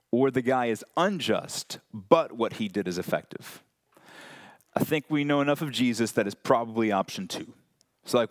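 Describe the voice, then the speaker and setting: A man preaching a casual, conversational sermon, animated and full of fillers. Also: medium pitch, dry recording, studio quality. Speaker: pastor.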